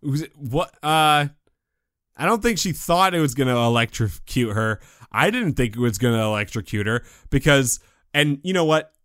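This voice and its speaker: In clean studio sound with no room echo, a podcast co-host chats casually about a film, acting out quotes and tossing in quips. His medium-pitched voice is expressive and a bit bright, moving at a moderate pace.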